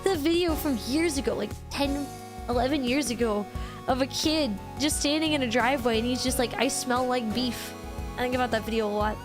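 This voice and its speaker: Giggly female streamer in casual chat. Fairly high voice, background music. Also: brisk. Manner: giggly, playful, talks to chat.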